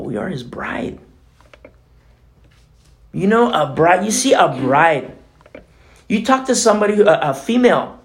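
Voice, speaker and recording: A man's voice: high voice, vocal fry. A man preaching a casual, conversational sermon as pastor, often dropping in "you know" and acting out the voices in scripture.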